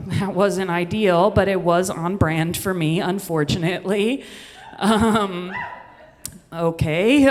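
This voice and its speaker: A woman from the Midwest telling a comedic story on stage, chatty and self-deprecating, with rambling asides. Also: fairly low pitch. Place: stage in a venue with an audience. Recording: long hall reverb.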